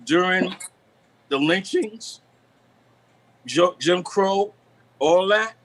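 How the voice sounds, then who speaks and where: A man on a live video call, explaining the deeper meanings of words in a preachy, repetitive way. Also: drawn-out words, fairly bright tone, rough recording. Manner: preachy, repeats "you know what I'm saying". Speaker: guest. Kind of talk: live stream talk on word meanings.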